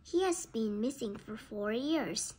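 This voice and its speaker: A woman's voice: a little high, animated, slow, darkish tone, breathy edge, exaggerated voice. A woman reading aloud the lines of an eager young boy sailor who is searching for his father. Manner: eager, calling out.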